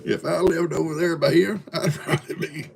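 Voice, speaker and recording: A man's voice: a little high, creaky, very noisy. A man in his seventies hosting a live stream, telling folksy farm stories to his viewers and chuckling through them. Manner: folksy, chuckling yarn-spinner. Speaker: livestream host. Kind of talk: casual storytelling to live viewers.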